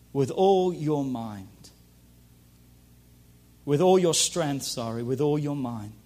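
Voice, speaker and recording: A man preaching a sermon to a congregation, who shifts from loud shouted calls to hushed storytelling and repeats lines for emphasis. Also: fairly high pitch. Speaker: pastor.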